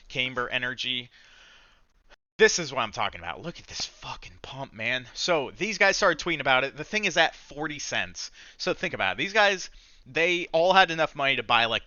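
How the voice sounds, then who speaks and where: A young man hosting a trading channel, talking casually over charts in an animated, profane, mocking way. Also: medium pitch, brisk, no room sound. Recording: dull, dry lo-fi sound.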